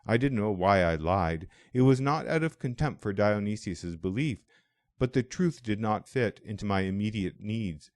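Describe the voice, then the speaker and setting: A man narrating a first-person audiobook in a measured, reflective way. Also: low-pitched, lively intonation, no room sound, clean studio sound.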